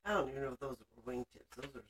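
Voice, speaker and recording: A speaker in a casual chat about a movie, dropping quick interjections and wry asides. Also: medium pitch, fairly bright tone.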